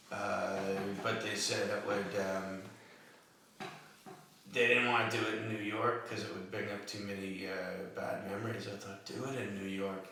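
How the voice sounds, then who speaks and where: A man in casual comedic chat as co-host, halting with fillers and laughing at his own jokes. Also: lowish voice, pushed and bright, slight background noise. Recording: echoey room, distant mic.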